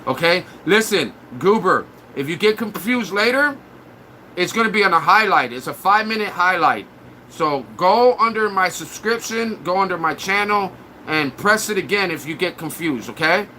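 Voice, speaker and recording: High, bright-voiced man mocking his chat. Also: animated, moderate pace, a little hiss or hum. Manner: mocking, trash-talking; blunt, crude. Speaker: live streamer. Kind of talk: live-stream rant at chat.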